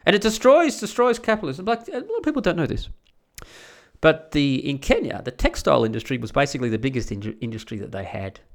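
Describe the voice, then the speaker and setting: Gravelly, ranting man. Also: fairly high pitch, very animated, fast. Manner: crude, combative, full of rhetorical questions. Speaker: commentator. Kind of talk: ranting monologue.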